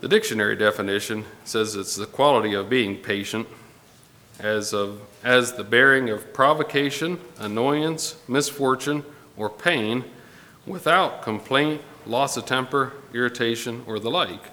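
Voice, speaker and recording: A man preaching a Sunday morning sermon to his congregation, unhurried and pausing often with fillers. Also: mid-range voice, sharp tone. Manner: unhurried, pausing with fillers, reading scripture aloud. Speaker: pastor. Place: church sanctuary. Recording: long hall reverb with faint ambience.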